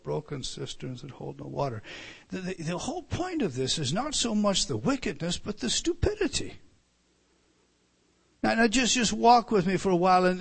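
A man preaching a sermon, teaching through a text with frequent restarts and repeated words, building to loud emphatic lines and dropping to soft asides. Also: on the high side, creaky, breathy edge. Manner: animated teaching, many restarts and stammered repeats.

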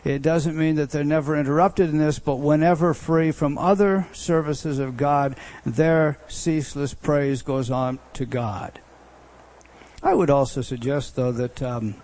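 In an expository sermon for a Bible study, a male pastor teaches conversationally, frequently starting phrases over and pressing words for emphasis. His voice is mid-range with a darkish tone.

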